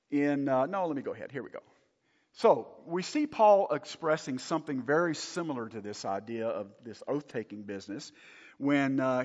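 Animated man preaching in a reverberant hall. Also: mid-range voice. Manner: emphatic, animated preaching with rhetorical questions. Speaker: pastor. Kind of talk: sermon. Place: church hall. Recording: dull recording with long hall reverb.

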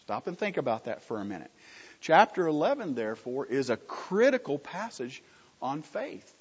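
Male preacher, husky, slightly high, emphatic question-and-answer teaching; dull, roomy church recording. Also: sing-song, normal speed. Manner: asks the congregation questions and answers them himself. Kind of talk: sermon. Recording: muffled recording with long hall reverb.

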